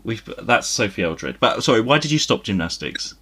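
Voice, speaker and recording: Podcast guy, lowish husky voice that bounces around a lot, laid back and wry. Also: sing-song, moderate pace, pushed and bright. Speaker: podcast co-host. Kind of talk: casual chat.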